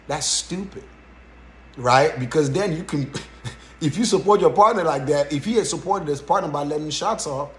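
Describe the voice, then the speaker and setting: A man hosting a podcast, giving casual reaction commentary in an animated way and often checking in with "right?". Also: on the high side, normal speed. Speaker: podcast host. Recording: roomy echo.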